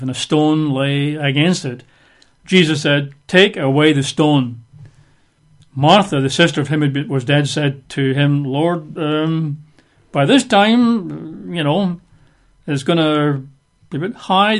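A fairly high-pitched man teaches from scripture. He reads the passage aloud, then breaks off into relaxed, conversational asides to explain it. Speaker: preacher. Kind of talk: casual Bible teaching.

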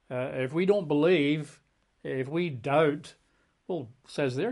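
A man's voice: fairly high pitch, a little mellow. A man preaching a Bible-teaching sermon in a conversational way, leaning hard on key words. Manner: conversational, emphatic on key words, plays out quotes.

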